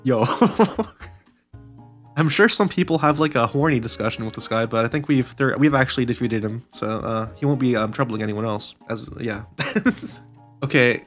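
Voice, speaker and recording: Guy cracking up nonstop reading dumb bot chats out loud, swears a bunch, faint music behind. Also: mid-range voice. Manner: laughs constantly, swears, mock-reads lines slowly. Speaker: YouTuber. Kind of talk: casual commentary while reading chatbot replies aloud.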